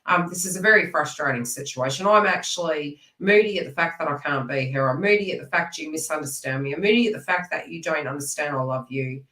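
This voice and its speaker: Low-voiced lady doing a card reading, rambly and earnest, calls people by name, echoey room, sounds a bit far from the mic. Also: quick pace, hardly any pauses, a bit bright. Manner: rambling, earnest, talks straight to viewers by name. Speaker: psychic card reader. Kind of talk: live twin flame card reading.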